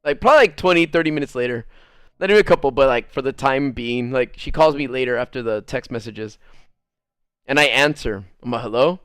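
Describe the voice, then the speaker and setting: Animated man with a smooth, dry voice. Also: medium pitch, fairly quick, no room sound. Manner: animated, swears freely, laughs often. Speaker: streamer. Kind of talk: casual storytelling on a livestream.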